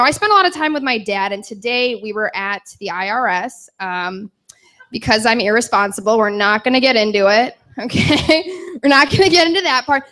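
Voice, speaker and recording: A woman's voice: a little high, a bit bright. A young woman from Chicago doing a stand-up set in a bar, rambling and self-deprecating with frequent giggles. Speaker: stand-up comedian. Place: bar stage.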